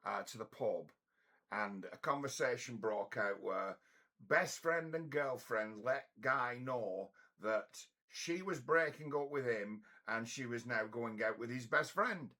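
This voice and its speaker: A middle-aged man rambles through a story, blunt and profane. His voice is gravelly and a little raspy, yet it carries a bright, forceful bite. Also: medium pitch, measured pace. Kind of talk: casual storytelling monologue.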